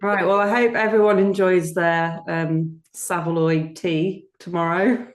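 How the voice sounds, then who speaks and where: A woman's voice: on the low side, fairly even intonation, measured pace, roomy sound. A woman who is a personal trainer, co-hosting a casual podcast chat and laughing often. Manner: laughs often, wraps up the talk.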